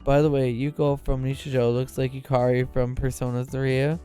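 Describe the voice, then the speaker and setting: A young man streaming live, chatting casually and swearing while reading a visual novel, with excitable, repetitive rants. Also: medium pitch, normal speed, faint music behind.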